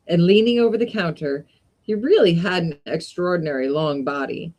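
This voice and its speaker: A woman reading a classic short story aloud in an unhurried way, with brief casual asides. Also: on the low side, darkish tone. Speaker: reader of short stories.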